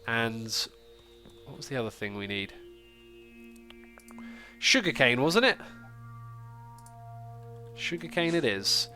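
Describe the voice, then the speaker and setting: A man's voice: mid-range voice, big pitch swings, takes it slowly, long pauses, bright, forceful tone, soft background music. A man with a stuffy, congested nose hosting a casual gaming livestream, chatting and thinking aloud as he plays. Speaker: livestream host.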